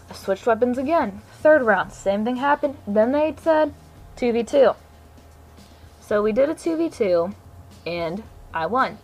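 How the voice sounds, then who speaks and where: A woman's voice: mid-range voice, rough recording. A young woman gamer ranting to camera in a brash, sarcastic, profane way about trash talk in online games. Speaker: gamer vlogger. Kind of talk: casual ranting monologue. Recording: faint music underneath.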